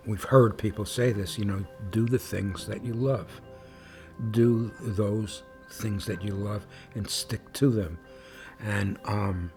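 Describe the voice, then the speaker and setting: Brief: older man in his seventies, gravelly, a rambling storyteller who does the voices of the people he quotes. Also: on the low side, a little mellow. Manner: chatty, restarts often, acts out quoted people. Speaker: documentary subject. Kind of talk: candid interview storytelling.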